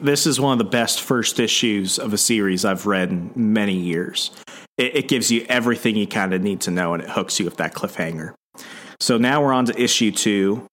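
A man co-hosting a podcast, casually recapping a comic book story in an animated way. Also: fairly low pitch. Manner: animated storytelling with acted-out voices. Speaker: podcast co-host.

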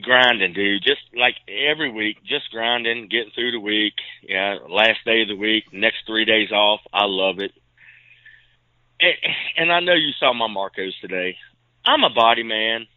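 A man co-hosting a casual podcast, chatty and quick to laugh. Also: lowish voice, no echo. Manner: animated, laughs easily, chatty storyteller. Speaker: podcast co-host. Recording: dry, tinny phone-like line.

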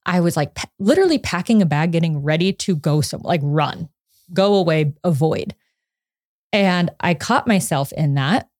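Animated woman telling a story on a podcast. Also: lowish voice, moderate pace, no echo, clean studio sound. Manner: animated storytelling, acts out quotes, laughs often. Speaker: psychotherapist guest. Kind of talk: casual podcast conversation.

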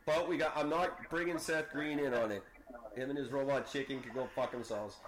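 A man's voice: mid-range voice, steady tone, fairly quick, crowd noise, rough recording. A man co-hosting a casual podcast, joking and swearing freely, often stopping and restarting with fillers. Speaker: podcast co-host. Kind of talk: casual chat.

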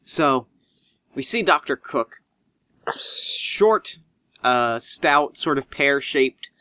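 A man's voice: mid-range voice, expressive, drawn-out words, pushed and bright, no echo. A man narrating as game master in a tabletop role-playing game, casual and rambling with fillers.

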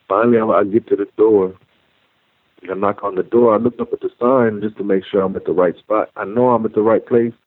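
A man telling his own story as a guest, halting and repeating words as he goes. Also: sits low, no echo. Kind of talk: personal storytelling. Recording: tinny phone-like line.

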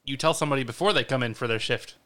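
A man's voice: mid-range voice, racing, fairly bright tone. A man in casual chat, asking short questions and reacting bluntly. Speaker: podcast co-host.

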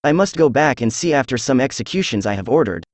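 A man's voice: medium pitch, expressive, quick pace, darkish tone, no room sound, lightly acted. A bossy storybook queen snaps out commands, as a computer-made male voice reads her lines. The delivery rises and falls with plenty of movement, in a dry, close sound with no room around it. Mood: commanding. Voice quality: synthetic computer voice. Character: imperious commanding royal queen, woman.

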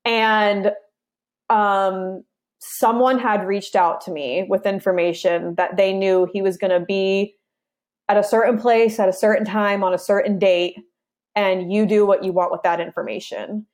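A woman's voice: medium pitch, steady tone, measured pace, a little mellow. A woman in her thirties, an interview guest, telling a personal story in an earnest, conversational way with frequent restarts.

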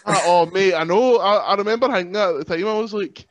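Scottish male podcast host, young, higher-pitched, self-deprecating, dull dry mic sound. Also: fast talker, hardly any pauses, no echo. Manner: chatty, self-mocking, laughs often. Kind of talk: casual chat.

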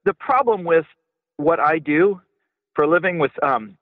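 A male author being interviewed on radio, talking in an animated way that often stumbles over and repeats his words. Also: on the high side, moderate pace, dry recording. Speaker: author guest. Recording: tinny phone-line sound.

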